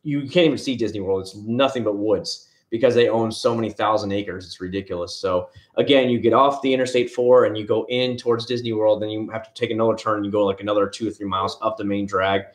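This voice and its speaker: A man's voice: lowish voice, steady tone, fast talker, hardly any pauses. A man hosting a casual livestream from home, rambling and answering viewers' comments by name. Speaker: livestream host. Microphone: headset.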